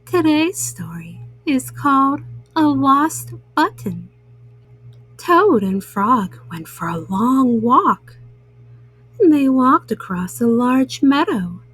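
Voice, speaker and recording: A woman reading bedtime stories aloud to children in a gentle, soothing way. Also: sits high, sing-song, takes it slowly, husky, no echo, poor audio. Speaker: children's storyteller.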